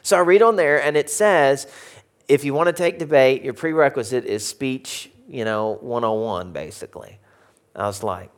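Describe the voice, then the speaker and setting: A man with an Arkansas Southern accent telling a humorous story to an audience, animated and jokey, swinging from loud to hushed. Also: mid-range voice, normal speed. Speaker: speaker.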